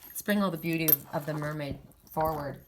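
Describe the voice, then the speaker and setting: A woman's voice: deep voice, fairly quick, slight background noise. An older woman giving a casual, rambling oracle card reading, with frequent restarts and laughter.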